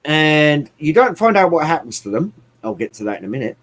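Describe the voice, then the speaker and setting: Animated man chatting about films. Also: a little high, brisk. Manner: animated, swears often, mimics characters. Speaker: podcast co-host. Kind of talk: casual movie chat.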